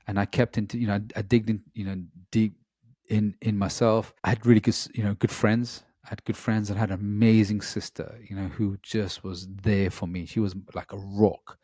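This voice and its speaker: A man speaks earnestly and reflectively, telling a personal story as an interview guest. His voice sits slightly low, and he often pauses on "you know". The sound is dry and close, with no room echo. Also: a little mellow.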